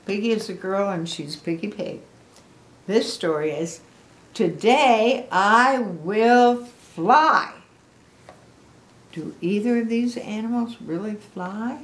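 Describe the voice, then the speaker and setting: A woman's voice: medium pitch, darkish tone, roomy sound. An older woman, a grandmother, reading a picture book aloud to children on video, chatty and asking them questions. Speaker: storybook reader.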